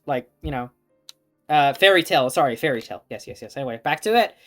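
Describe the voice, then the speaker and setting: A woman's voice: on the low side, big pitch swings, fast talker, a bit bright, faint music behind. A young woman streaming a visual novel, chatting casually, laughing often and reading the game text aloud.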